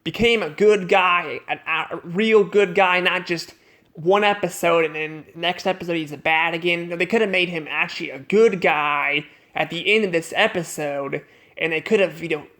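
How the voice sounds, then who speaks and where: Male cartoon reviewer, slightly high voice, unscripted, halting delivery full of restarts. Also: fairly bright tone. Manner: rambling, halting, many restarts and repeated words.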